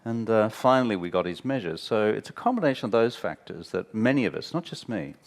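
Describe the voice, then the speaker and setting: A deep-voiced Australian man tells stories on stage in a candid interview. He is animated and wry, slips into mimicking the people he quotes, and speaks bluntly. He sounds like a man in his fifties. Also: brisk. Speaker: interview guest, former prime minister. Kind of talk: candid anecdotal conversation on stage. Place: stage at a talk venue.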